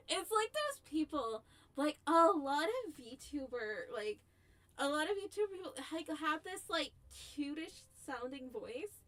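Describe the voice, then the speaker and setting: High-voiced, giggly woman streamer. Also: big pitch swings, unhurried, a bit bright. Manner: giggly, rambling, self-interrupting. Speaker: VTuber streamer. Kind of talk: casual live-stream chat.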